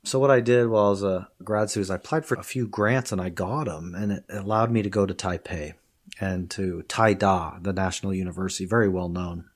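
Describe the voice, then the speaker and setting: A man's voice: sits low, fairly quick. A man, a professor of Chinese, telling stories in a conversational podcast interview, laughing often and acting out the people he quotes. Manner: lively storytelling, quotes people in put-on voices; laughs often while talking.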